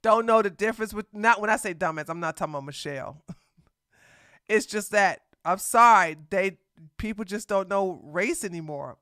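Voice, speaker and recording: A woman's voice: mid-range voice, moderate pace, fairly bright tone, dry recording, clean studio sound. A woman hosting casual reaction commentary. She is blunt and sassy and laughs often. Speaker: commentary host.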